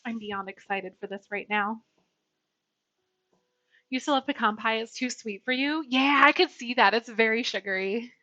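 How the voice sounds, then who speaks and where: A woman's voice: normal speed, pauses often, sharp tone, dry recording, muffled recording. A young woman chatting casually through a cooking livestream, talking to her viewers. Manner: chatty, talks to her dog in a high baby voice. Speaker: streamer.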